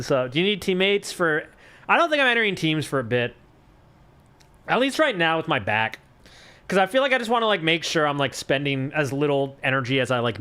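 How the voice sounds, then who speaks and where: Young male streamer, casual live chat, rambling storyteller, high and lively delivery. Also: clear, resonant tone. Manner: rambling, filler-heavy storytelling with swearing.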